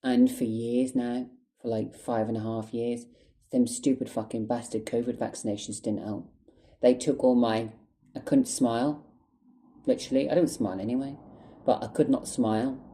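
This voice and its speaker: A man's voice: medium pitch, steady tone, normal speed, dark tone, low-quality recording. Angry tearful man venting. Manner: angry, emotional, heavy swearing. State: close to tears. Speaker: vlogger. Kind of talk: storytime vlog monologue.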